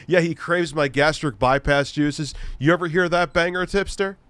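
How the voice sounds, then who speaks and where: A man's voice: fairly high pitch, fairly even intonation, a little slow, fairly bright tone, clear, resonant tone, no room sound. A man hosting a casual livestream, reading chat and ranting sarcastically with lots of swearing. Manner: profane, sarcastic ranting with frequent laughs. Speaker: streamer host.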